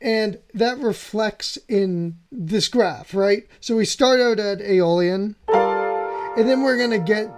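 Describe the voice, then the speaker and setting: A man's voice: sits high, takes it slowly. A man hosting a piano channel, walking through music theory with enthusiasm and often checking in with "right?". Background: faint piano playing.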